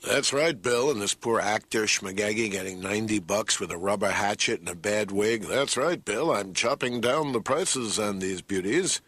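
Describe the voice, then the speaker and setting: A man giving a theatrical stand-up monologue in a cartoon, swinging into loud put-on voices. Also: lowish voice, moderate pace, few pauses, no echo. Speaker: patient doing stand-up.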